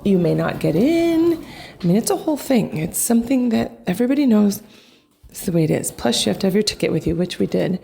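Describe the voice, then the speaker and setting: A woman vlogger telling a family travel story in an animated, rambling way, full of fillers. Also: medium pitch, fairly quick, gravelly, a little hiss or hum. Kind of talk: casual storytelling to camera.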